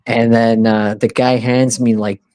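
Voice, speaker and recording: A man's voice: mid-range voice, flat delivery, a little slow, a little mellow, no room sound. A man in his thirties telling a rambling, profane story in casual podcast chat, acting out the voices of people he quotes. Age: 30s. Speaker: podcast co-host.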